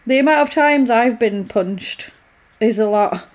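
Chatting casually, a woman walks through the plot of a horror film and performs the characters' dialogue in different voices. Her pitch is fairly high and her delivery unhurried.

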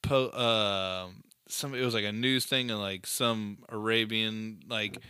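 A man in his thirties hosting a podcast, telling stories in a relaxed way with easy laughter. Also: on the low side, slow pace, clear, resonant tone, no echo, clean studio sound. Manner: laid-back, laughing storyteller. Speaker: podcast host. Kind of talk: casual podcast chat.

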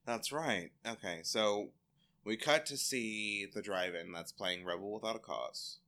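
A man co-hosting a podcast, recapping a TV episode in casual chat, animated and laughing, acting out the characters in silly voices. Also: lowish voice, unhurried. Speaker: podcast co-host.

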